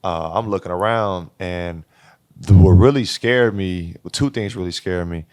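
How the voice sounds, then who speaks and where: A man's voice: low-pitched, measured pace, darkish tone, clean tone, no echo, clean studio sound. A young man, a college basketball player, telling a story in casual podcast chat, repeating words and acting out quotes. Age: young adult.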